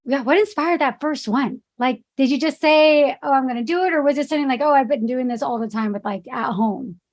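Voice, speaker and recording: A woman's voice: high-pitched, fairly quick. A woman hosting an interview podcast, asking rambling questions that restart and trail on. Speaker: podcast host.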